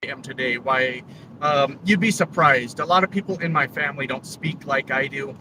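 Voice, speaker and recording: A man's voice: medium pitch, normal speed. Rambling trucker man, distant and noisy. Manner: rambling, lots of fillers. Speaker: trucker YouTuber. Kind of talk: casual vlog while driving. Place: truck cab on the road. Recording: distant mic, road noise.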